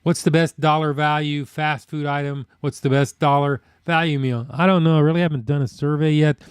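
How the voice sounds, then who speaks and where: This middle-aged man's voice sits on the high side, steady and clean, in a dry recording. Hosting a casual food live stream, he rambles in a folksy way, reads out viewer comments, and grumbles about fast food.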